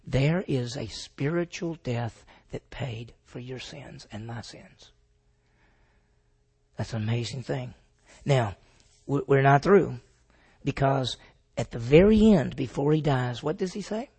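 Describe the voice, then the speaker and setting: A man's voice: mid-range voice, slow pace, vocal fry, long pauses, a little mellow, husky. A man teaching the Bible to a group, asking his listeners questions and answering them himself.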